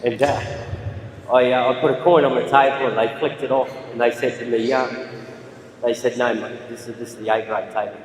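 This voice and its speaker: A middle-aged Australian man talks off the cuff at a trophy presentation, stumbling through restarts and fillers. His voice booms around a large, reverberant hall and is picked up from well back. A faint hum of the room sits underneath. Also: fairly even intonation. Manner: halting, rambling, frequent restarts. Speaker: eight ball player giving a speech. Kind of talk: impromptu acceptance speech. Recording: echoey hall, distant mic.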